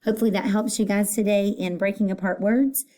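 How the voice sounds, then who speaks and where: A woman teacher giving a recorded phonics lesson, patient and repeating each word clearly. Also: mid-range voice, fairly even intonation, a little fast, warm tone.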